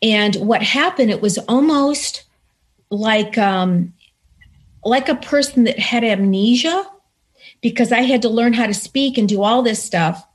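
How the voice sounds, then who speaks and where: Woman guest, somewhat high-pitched, earnest and animated as she tells her story. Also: measured pace. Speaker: interview guest. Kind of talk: personal story told in conversation.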